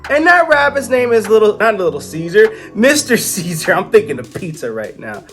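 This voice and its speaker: A man's voice: high-pitched, sing-song, unhurried, a bit bright, faint music behind. A man casually narrating a comic book review, with jokey, rambling asides.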